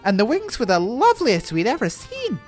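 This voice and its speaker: Mischievous pixie, put on by a male streamer: British lilt, swooping pitch. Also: wildly swooping pitch, normal speed, faint music behind, heavily acted. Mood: sweet. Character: playful mischievous pixie, high fairy voice. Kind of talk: reading game dialogue aloud on stream.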